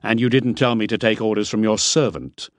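A man's voice: fairly low pitch, a little fast, no echo, clean studio sound, natural voice. A man playing a hired driver and guide who talks respectfully and a little indignantly while hiding his nerves. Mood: respectful indignation. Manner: respectful, indignant, a bit defensive.

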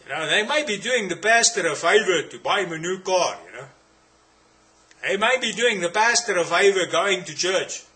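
Forceful South African preacher, higher voice. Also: male voice, lively intonation, moderate pace. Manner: emphatic, repetitive, rhetorical questions. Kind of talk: sermon.

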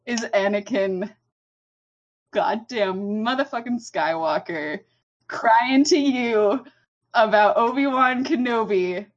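A woman's voice: fairly high pitch, slow pace, muffled recording. A woman ranting casually on a podcast, profane and emphatic, laughing as she goes.

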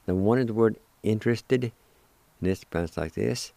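A man from Oklahoma giving a recorded language lesson, slowly spelling out words and repeating each one with encouragement. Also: fairly low pitch, gravelly, dark tone, no room sound. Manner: slow, careful, spells words letter by letter and repeats them. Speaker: language teacher and show host.

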